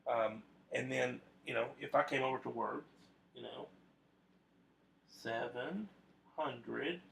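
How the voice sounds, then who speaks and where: A man's voice: medium pitch, slow pace, creaky, a bit bright. A man teaching a video math lesson to his students, talking conversationally with frequent fillers and restarts.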